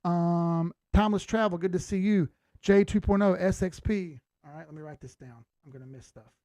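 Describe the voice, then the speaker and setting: Gravelly blunt crypto streamer man. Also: sits high, moderate pace, warm tone, no echo. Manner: blunt, swears freely, laughs often. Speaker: crypto chart analyst hosting a live stream. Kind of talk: casual live-stream chat reading viewer comments.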